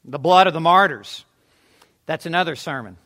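Emphatic preacher, male, high and bright, builds points through repetition with quick joking asides. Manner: emphatic, repeats words for stress, asides with jokes. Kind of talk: sermon.

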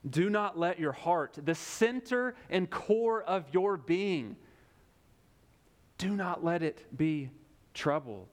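Young male pastor, sermon delivery, a touch high-pitched, emphatic with deliberate pauses. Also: expressive. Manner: emphatic, with repeated phrases and dramatic pauses.

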